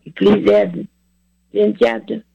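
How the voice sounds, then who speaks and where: A man in his seventies preaches his testimony in plain, repeating phrases, urging his listeners on. His voice sits high and grinds with heavy fry, rough and breathy at the edges. The recording is dry and muffled. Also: little pitch movement, takes it slowly, no room sound. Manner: repetitive, exhorting, plain-spoken. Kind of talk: earnest testimony sermon.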